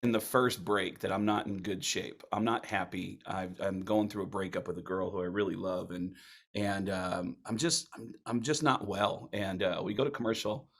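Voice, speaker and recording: A man, a comedian guest, telling a story in casual chat with animated delivery and free swearing. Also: deep voice, moderate pace. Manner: animated, mimics others in stories; swears freely.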